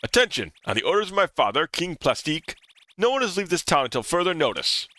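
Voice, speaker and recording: A man's voice: fairly high pitch, big pitch swings, fast talker, sharp tone, voice pushed up. Lubin, a man playing an arrogant young prince. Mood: haughty. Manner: haughty, commanding proclamations.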